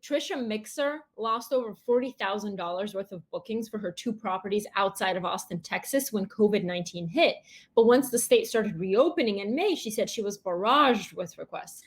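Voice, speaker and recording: A woman's voice: mid-range voice, lively intonation, normal speed. A woman co-hosting a podcast, reading news items in a wry, matter-of-fact casual chat. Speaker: podcast co-host.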